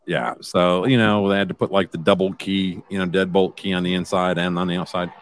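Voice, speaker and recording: A man's voice: deep voice, level tone, fairly quick, a little hiss or hum. A man on a remote mic, talking casually and rambling with plenty of fillers. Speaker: podcast co-host. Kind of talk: casual chat. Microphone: remote home mic.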